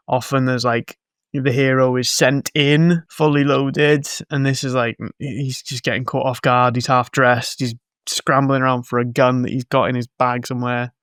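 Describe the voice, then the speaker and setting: A man's voice: medium pitch, fairly bright tone, clear, resonant tone, no room sound, studio quality. A man co-hosting a podcast, recapping a film in a rambling, jokey, sarcastic way. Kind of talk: casual film-recap chat.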